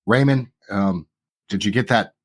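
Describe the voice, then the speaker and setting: A man's voice: on the low side, measured pace, no echo, studio quality. A man in his forties playing a tabletop game, hesitant and questioning. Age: 40s. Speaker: player. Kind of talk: tabletop role-play.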